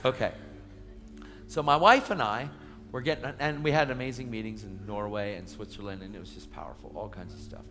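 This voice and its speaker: Animated male preacher in echoey hall. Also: fairly low pitch. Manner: animated, emphatic storytelling. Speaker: evangelist preacher. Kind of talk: sermon testimony. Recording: echoey hall with faint music.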